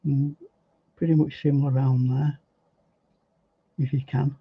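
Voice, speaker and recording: A man demonstrating painting step by step in a relaxed, chatty way, thinking aloud as he works. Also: mid-range voice, a little slow, slightly rough, dry recording. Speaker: painting instructor. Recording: dry, slightly dull recording.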